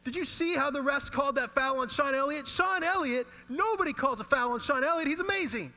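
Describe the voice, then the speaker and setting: A man's voice: on the high side, expressive, fairly quick, sharp tone. A man voicing his younger self as an angry little boy griping about a lost game. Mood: indignant. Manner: whiny, indignant.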